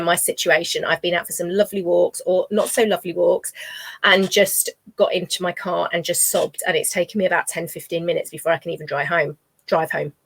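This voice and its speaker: A woman's voice: mid-range voice, fairly bright tone, dry recording. A middle-aged woman, chatting casually to camera about walking reactive dogs, rambling with lots of ums and you knows. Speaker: dog trainer vlogger. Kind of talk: casual talk to camera while dog walking. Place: outdoors on a walk.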